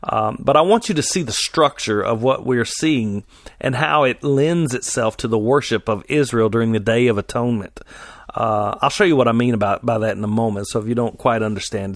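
A man's voice: medium pitch, brisk, dry recording, studio quality. A man teaching through a Bible passage, talking in a loose conversational way with many fillers and restarts as he reads and explains. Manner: conversational, frequent fillers and restarts while reading scripture aloud. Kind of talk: sermon-style Bible teaching.

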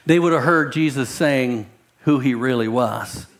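A pastor preaching a sermon in a conversational way, repeating words and building emphasis. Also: male voice, medium pitch, unhurried.

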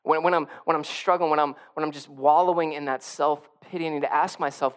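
A man's voice: fairly high pitch, fairly even intonation, a little fast, hardly any pauses, smooth. A male pastor preaching a sermon in a conversational way, often repeating and restarting phrases and building to emphatic peaks.

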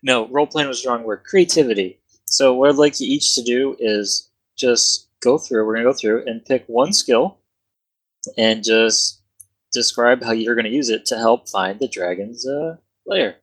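A young man running a tabletop game as game master, relaxed and joking, thinking aloud as he goes. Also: medium pitch, moderate pace, husky, poor audio. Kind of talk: casual tabletop game narration.

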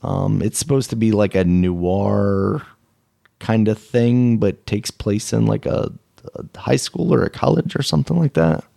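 A man's voice: fairly low pitch, a little slow, vocal fry, warm tone, no room sound, studio quality. A man hosting a podcast in casual chat, laid-back and chuckling often. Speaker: podcast host.

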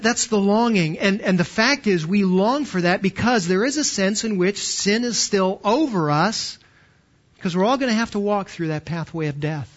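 High-voiced man preaching emphatically. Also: highs cut off. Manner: emphatic, with rhetorical questions and slowed stresses. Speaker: pastor. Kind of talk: sermon.

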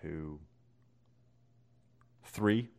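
A man co-hosting a podcast, telling stories in an animated, profane, casual way. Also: a bass voice, very slow, creaky. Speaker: podcast co-host. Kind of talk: casual chat.

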